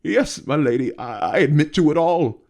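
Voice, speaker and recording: A man's voice: lively intonation, unhurried. A man reading aloud and voicing a cowardly, overweight merchant who stammers and begs in a raised, frightened voice. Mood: pleading. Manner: pleading, stammering, high and loud. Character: fat, cowardly, panicking male merchant.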